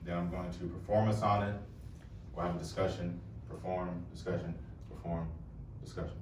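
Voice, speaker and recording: A young man with a deep voice gives a casual, joking talk to an audience. He is picked up from a distance in an echoey room. A faint room hum sits underneath. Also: fairly even intonation, moderate pace. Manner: casual, joking, addresses the crowd. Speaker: poet and presenter. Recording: echoey room, voice heard from far off.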